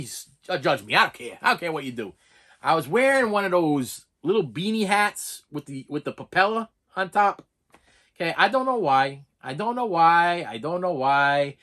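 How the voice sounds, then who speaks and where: A middle-aged man hosting his own channel, telling a long story in an excitable, repetitive way and talking straight to his viewers. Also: fairly high pitch. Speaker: channel host. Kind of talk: rambling storytelling vlog.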